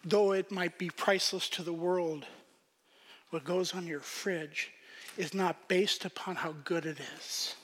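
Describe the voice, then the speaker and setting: A man preaching a sermon as pastor, swinging from loud emphasis to hushed whispers. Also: high voice, fairly even intonation, a little slow, big-room sound.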